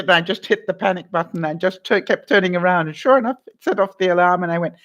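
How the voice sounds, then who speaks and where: A woman's voice: lowish voice, quick pace, hardly any pauses, a bit bright, highs cut off. A middle-aged woman vlogger chatting casually with her live chat, reading out comments, laughing often and acting out little voices.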